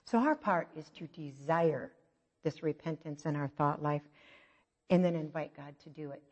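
A middle-aged woman giving a conversational sermon, telling self-mocking stories with lively asides. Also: low voice, moderate pace, slightly rough. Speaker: church speaker. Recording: dull, echoey hall recording.

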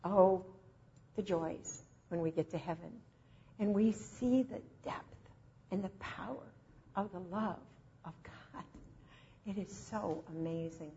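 A woman preacher delivering a sermon in an emotive, slow and emphatic way, recorded with dull lo-fi sound. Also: medium pitch, mellow, a little hiss or hum.

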